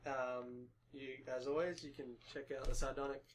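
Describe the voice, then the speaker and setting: A man hosting a casual podcast chat, laid-back and halting with many ums, a little stuffy from hay fever. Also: medium pitch, steady tone, crowd noise, low-quality recording. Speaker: podcast host.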